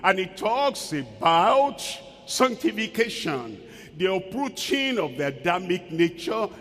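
Lively-voiced male preacher in a hall. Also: high-pitched, takes it slowly. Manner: emphatic, with rhetorical questions and acted-out quotes. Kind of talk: sermon. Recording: long hall reverb.

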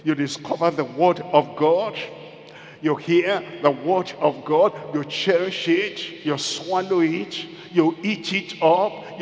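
A man preaching a sermon as pastor, repeating key phrases and building to loud, emphatic exclamations. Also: fairly high pitch. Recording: long reverb of a church hall.

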